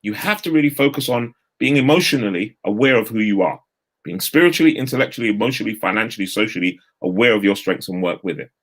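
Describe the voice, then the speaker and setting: A man, giving an energetic, straight-talking motivational talk over a video call. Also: fairly low pitch, fast. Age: 50s. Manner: energetic, straight-talking, uses London street slang. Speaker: guest speaker.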